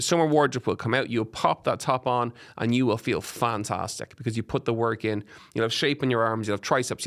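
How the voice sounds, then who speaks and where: An Irish man hosts a fitness podcast from a studio, his voice at a middle pitch with a gravelly edge. He coaches listeners with energy and encouragement, piling up examples in quick lists. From Ireland. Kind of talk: solo podcast advice talk.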